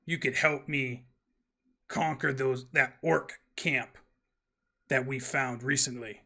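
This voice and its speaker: A huge stone giant warlord booms in a gravelly, chest-beating brag, mangling his grammar like a brute, put on by a man running a tabletop game. The delivery is slow and drawn out, with a bright, forceful edge. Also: fairly even intonation, exaggerated voice. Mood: gloating. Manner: broken brutish grammar, chest-beating bragging. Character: boastful hulking male stone giant warlord.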